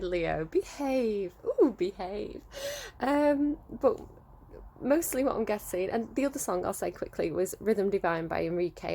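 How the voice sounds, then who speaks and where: A woman's voice: mid-range voice, gravelly, a little mellow. A woman in her thirties giving a casual tarot reading, chatty and rambling, with frequent laughs. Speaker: tarot reader.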